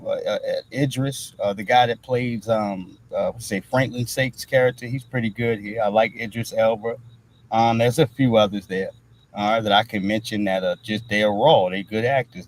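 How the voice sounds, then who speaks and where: A man's voice: fairly low pitch, a little hiss or hum, rough recording. Rambling, profane male livestream commentator. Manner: profane, filler-heavy, repeats "all right" constantly.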